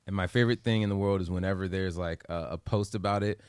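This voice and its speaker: A man's voice: low voice, quick pace, smooth, no echo. Emphatic man co-hosting a chat show. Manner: emphatic, animated, stammers on restarts. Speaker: podcast co-host. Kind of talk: casual chat.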